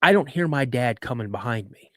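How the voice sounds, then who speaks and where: A man's voice: mid-range voice, animated, brisk, pushed and bright, dry recording, clean studio sound. Middle-aged man telling a story. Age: 50s. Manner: conversational, frequent "you know". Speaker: guest storyteller. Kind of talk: live podcast storytelling.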